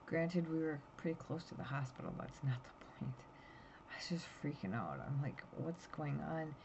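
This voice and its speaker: A vlogger in her fifties chats casually to her phone camera, rambling anxiously through a story while tired and yawning. Her voice is low, gravelly, and at normal speed, and the recording sounds dull and lo-fi with faint noise.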